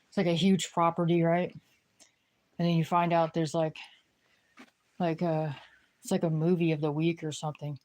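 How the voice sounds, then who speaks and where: Woman rambling and griping to camera, lowish voice, cusses a lot. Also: flat delivery, normal speed, long pauses, darkish tone. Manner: rambling, profane griping, lots of fillers. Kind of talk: casual rant to camera.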